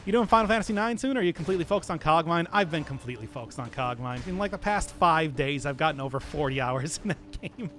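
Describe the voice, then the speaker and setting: A Midwestern man streaming a game, his voice sitting high and swooping all over as he rambles to chat. He laughs often and talks in a loose, animated way. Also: fast, hardly any pauses, soft background music. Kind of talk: casual stream chat while playing.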